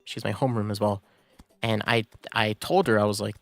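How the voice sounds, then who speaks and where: A man's voice: on the low side, steady tone, brisk, creaky, a bit bright, no room sound. A man streaming a game, telling a story in a casual, rambling way with many fillers and restarts. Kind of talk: casual storytelling while gaming.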